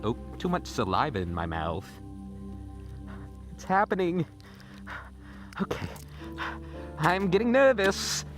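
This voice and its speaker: A young man films a comedic vlog on his phone in the snowy nighttime woods, rambling with mock drama. He takes it slowly, his pitch swooping wildly and his words separated by long pauses, all over music.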